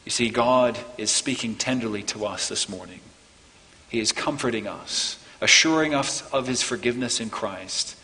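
A man preaching a sermon as pastor, earnest, building to emphatic peaks and then softening. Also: medium pitch, moderate pace, in a large hall, poor audio. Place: church.

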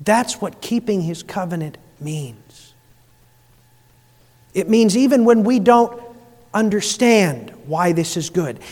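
A man preaching a sermon as pastor, dropping to soft, low passages and then rising into emphatic appeals. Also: long reverb tail.

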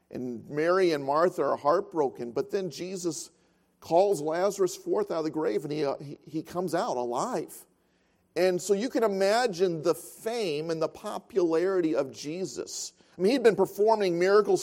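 A man's voice: sits high, a little mellow. A man preaching a sermon as pastor of a church, telling stories with frequent filler sounds.

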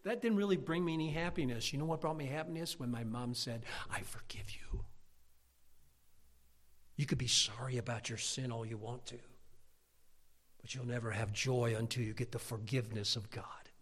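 A man preaching a storytelling sermon, animated, swinging between loud exclaims and hushed whispers. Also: mid-range voice, brisk.

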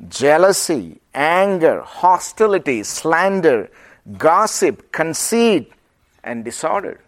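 A man with an Indian accent teaching the Bible to a group and asking them questions. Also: on the high side. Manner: asks the audience questions, lively and engaging. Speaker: preacher.

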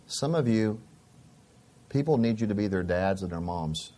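A man's voice: fairly low pitch, lively intonation, moderate pace, warm tone. A middle-aged man preaching a sermon as a pastor, telling stories in a conversational way and often repeating his phrases.

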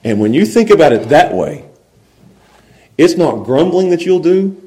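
A male pastor preaching a sermon, animated and conversational, often checking in with his listeners. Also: on the high side, normal speed, rough recording.

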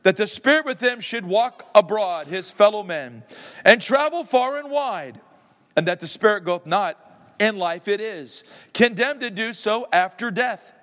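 A man's voice: high-pitched, animated, unhurried, fairly bright tone, voice pushed up. Guy reading as a sad old chained ghost, solemn and dramatic, big echoey hall. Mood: mournful.

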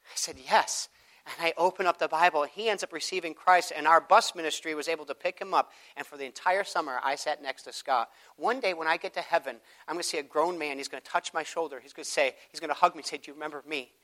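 A man preaching a sermon, telling a personal story in an animated way and acting out the people in it. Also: on the high side, fast talker. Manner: animated storytelling, acts out quoted voices.

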